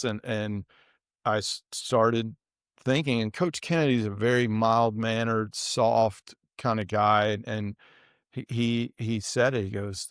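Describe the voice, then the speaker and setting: A middle-aged man in an interview, telling a personal story in an earnest, halting way with many restarts. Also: fairly low pitch, fairly even intonation, clean tone, no room sound, studio quality. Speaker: guest.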